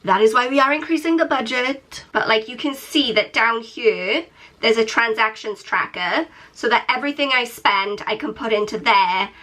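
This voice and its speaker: A British woman in her thirties talks through her budget in a chatty, self-mocking vlog. Her voice sits a little high and sounds stuffy and nasal from a cold. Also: normal speed, pushed and bright. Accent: British English. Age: 30s. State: sick, nasal and congested. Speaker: YouTuber.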